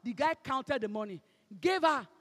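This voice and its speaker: A woman's voice: high-pitched, lively intonation, normal speed. Nigerian woman preaching in a ringing hall. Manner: emphatic, swings between shouting and hushed tones, drops into Pidgin. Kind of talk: sermon.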